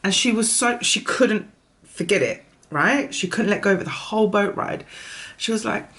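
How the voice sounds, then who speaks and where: A woman's voice: medium pitch, normal speed, fairly bright tone. A young mother, chatting casually in a vlog and rambling through a story full of "I was like" asides. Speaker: vlogger.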